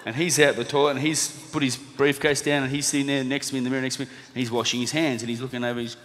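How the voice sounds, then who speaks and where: A former boxer turned motivational speaker, a man in his thirties with an Australian accent, tells a lively anecdote to a live audience, acting out the quoted lines and laughing at himself. His medium-pitched voice races along, echoing in a reverberant hall.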